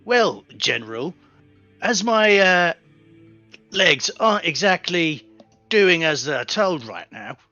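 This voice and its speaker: A brash, foul-mouthed soldier with busted legs swaggers through his lines in a high, bright, lively voice, as a man acts him out. He talks slowly, and the sound is dry and a little dull. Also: no room sound, faint music behind, exaggerated voice. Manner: swearing, brash, cocky. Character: gruff foul-mouthed injured male soldier. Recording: dull lo-fi audio.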